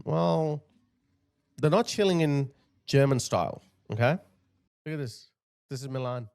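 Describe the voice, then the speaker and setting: A man's voice: a little high, moderate pace, long pauses, a little mellow. A man hosting his channel, giving indignant political commentary over video clips and often repeating himself to point things out. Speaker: channel host.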